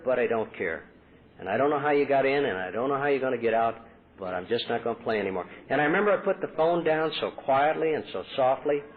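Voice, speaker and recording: A middle-aged man from Texas telling his recovery story as a convention speaker, earnestly acting out the dialogue he quotes. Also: fairly high pitch. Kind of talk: personal recovery talk at a podium. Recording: tinny lo-fi 1980s convention tape.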